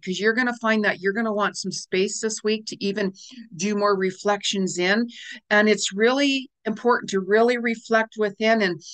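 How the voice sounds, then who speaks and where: A middle-aged woman giving a casual spiritual astrology forecast, chatty and animated, laughing often and acting out little quoted reactions. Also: medium pitch. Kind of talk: casual weekly forecast talk.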